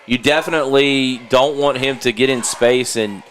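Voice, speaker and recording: A man with a mid-pitched voice breaks down plays in a calm, analytical way as the color commentator. Faint background ambience sits under his voice. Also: normal speed, slight background noise. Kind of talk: live sports color commentary.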